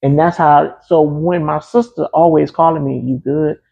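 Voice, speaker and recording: A man's voice: on the high side, flat delivery, moderate pace, creaky, mellow, muffled recording. A man being interviewed, telling a personal story in a casual, emphatic way, often repeating key phrases. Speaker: interview guest.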